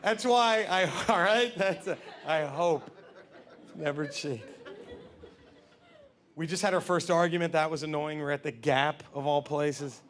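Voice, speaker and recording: A man with a high, bright voice performing stand-up on a club stage, animated and quick to slip into goofy put-on voices. The live recording carries clear room noise and audience laughter behind him. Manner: animated, acts out scenes in silly put-on voices. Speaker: stand-up comedian. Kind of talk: stand-up comedy set.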